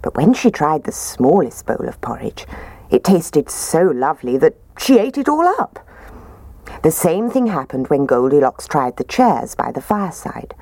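Woman, low voice, lively storybook reading, dry close sound. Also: moderate pace, no room sound. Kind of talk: reading a children's story aloud.

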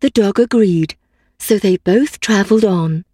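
Storyteller: woman, measured and unhurried, slightly husky. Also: medium pitch, dark tone, dry recording, studio quality. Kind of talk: storybook reading for children.

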